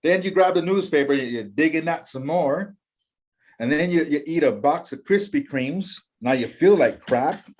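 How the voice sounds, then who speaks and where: Lively, emphatic man giving motivational talk. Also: on the high side, moderate pace. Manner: acts out quoted voices, lively and emphatic. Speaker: interview guest, empowerment coach.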